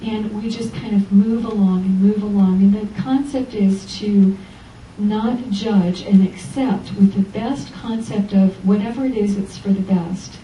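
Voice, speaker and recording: Woman preacher type doing a sunday talk, really dark mellow voice, mic's far off so it's roomy and echoey, animated storyteller. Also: mid-range voice, unhurried, a little hiss or hum. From Los Angeles. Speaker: spiritual teacher giving a Sunday lecture. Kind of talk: inspirational church lecture. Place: church hall. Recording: echoey church hall from far off.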